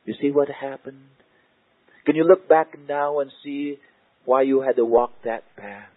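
A man preaching and praying slowly, with a husky voice that often sinks to a hush. He repeats his phrases in a prayerful way. The sound is tinny and narrow, like an old lo-fi tape. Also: medium pitch, dry recording. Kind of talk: sermon and spoken prayer. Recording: tinny, narrow-band lo-fi recording.

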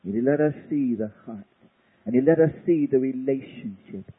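A man preaching an impassioned sermon, swinging from hushed pleading to loud cries. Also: mid-range voice, moderate pace, husky. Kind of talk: sermon on tape. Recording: tinny lo-fi cassette tape.

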